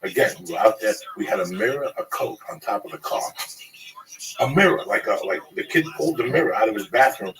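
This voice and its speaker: A man with a lowish voice tells rambling, profane stories from his youth in a loose, streetwise way. He sits away from the microphone, and steady background noise runs under his voice. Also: a little fast. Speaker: storyteller in a group conversation. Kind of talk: casual profane storytelling. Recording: distant mic with clear background noise.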